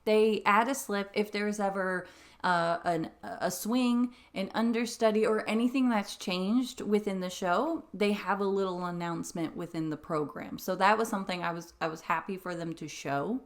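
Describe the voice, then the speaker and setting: A young woman, a musical theatre coach, chatting through a reaction video, emotional and quick to laugh. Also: medium pitch, fairly even intonation. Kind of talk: casual reaction commentary.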